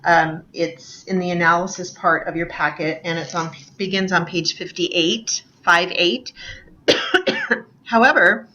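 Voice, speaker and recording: A woman with a bright, somewhat low voice gives a recorded English lecture from her computer. She talks in a loose, chatty way, filling pauses with ums and apologizing to her students as she goes. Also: lively intonation, lo-fi sound, a little hiss or hum. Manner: chatty, self-deprecating, many ums. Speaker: English teacher.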